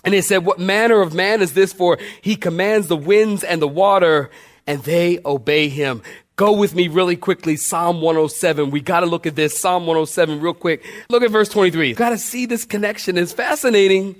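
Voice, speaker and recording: A man preaching a sermon, building his points by repetition and calling on the congregation to respond. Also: moderate pace. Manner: preaching with call-and-response, sweeping pitch swings. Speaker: pastor.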